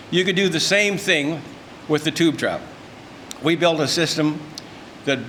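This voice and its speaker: A man's voice: on the high side, fairly bright tone, slight background noise. Older male speaker, folksy and emphatic, talking to an event room. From Canada. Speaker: speaker at a luncheon. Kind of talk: informal speech.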